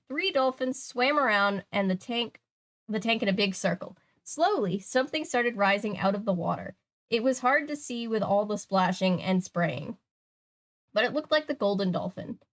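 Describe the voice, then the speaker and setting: A woman's voice: medium pitch, lively intonation, normal speed, fairly bright tone. A young woman reading a kids' mystery book aloud, breaking off for chatty, jokey asides. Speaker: channel host. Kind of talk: casual reading aloud with commentary.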